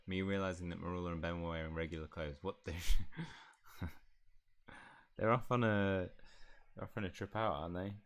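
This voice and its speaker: Deep-voiced man doing game commentary. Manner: jokey, rambling asides while playing. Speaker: gaming YouTuber. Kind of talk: let's play commentary.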